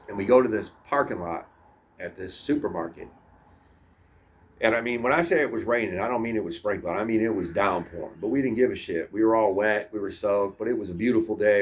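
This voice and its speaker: A man casually telling childhood stories in a rambling, profane way, often repeating and restarting his words. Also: on the low side. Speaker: storyteller. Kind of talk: casual storytelling to camera.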